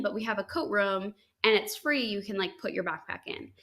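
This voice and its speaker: A young woman from the United States, a podcast host, casually telling a story with lots of "like" and "um" and bright, high-pitched quoted lines. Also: brisk. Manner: chatty, animated quotes with high-pitched acted lines, frequent likes and ums.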